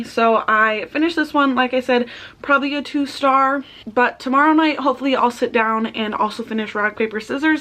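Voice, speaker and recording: A woman's voice: a little high, fairly bright tone. A young woman vlogging casually about books, chatty and full of "like" fillers. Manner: chatty, peppered with "like". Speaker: book vlogger. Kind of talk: casual vlog chat.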